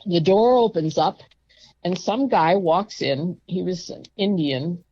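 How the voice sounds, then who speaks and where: An older woman telling a personal story in a casual, emphatic and indignant way, sometimes breaking into loud outbursts. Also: lowish voice, lively intonation, slow pace, no echo, dull audio.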